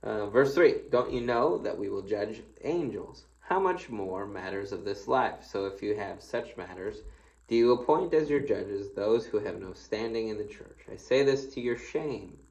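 A man's voice: fairly low pitch, moderate pace, a little mellow, muffled recording. A man, a pastor, giving a casual devotional, reading scripture aloud and then commenting in a folksy, playful, conversational way. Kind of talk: casual devotional Bible teaching.

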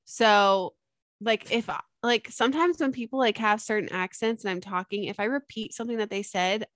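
A woman's voice: mid-range voice, normal speed, a bit bright, no echo. A young woman in easy podcast chat, bubbly and rambling, full of fillers. Her voice sits mid-range. The recording is dry and close, with no room sound.

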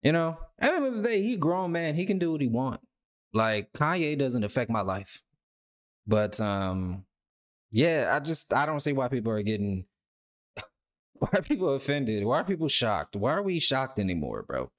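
A man's voice: medium pitch, big pitch swings, normal speed. A man hosting a reaction video, talking loosely and rambling with lots of filler words. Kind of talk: casual reaction commentary.

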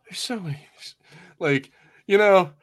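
A man's voice: high-pitched, a little slow. A man from New Mexico with an American accent, co-hosting a casual podcast chat, laughing often and swearing freely. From New Mexico, United States. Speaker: podcast co-host.

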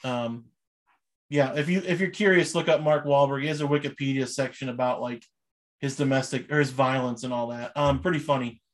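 A man's voice: mid-range voice, steady tone, fairly quick. A young man chatting casually as a podcast host, rambling and enthusiastic with many fillers. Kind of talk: casual chat.

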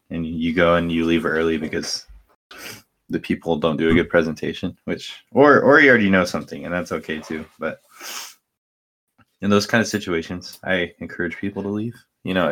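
A young man with a very deep voice talks through his week on a podcast. He rambles loosely, circling back with fillers and restarts. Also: fairly bright tone. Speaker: podcast co-host. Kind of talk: casual chat.

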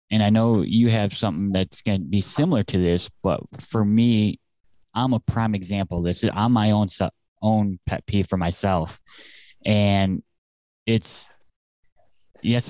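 A young man co-hosting a podcast, talking in a relaxed, halting way with many fillers. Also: lowish voice, no echo, low-quality recording. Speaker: podcast co-host. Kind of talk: casual podcast chat.

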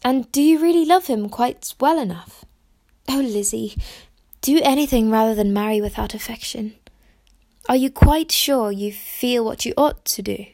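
Woman doing a gentle, earnest elder sister. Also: on the high side, moderate pace, natural voice.

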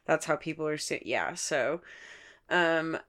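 A woman's voice: low-pitched, measured pace, fairly bright tone. A young woman co-hosting a podcast, talking in slangy, laid-back casual chat full of fillers. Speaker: podcast co-host.

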